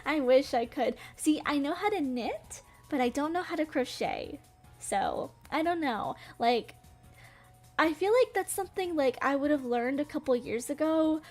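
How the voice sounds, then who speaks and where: A woman's voice: high voice, expressive, unhurried, a little mellow. A young woman from Western North Carolina, chatting casually on a livestream, rambling with lots of fillers and giggles. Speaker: vtuber streamer. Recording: faint music behind.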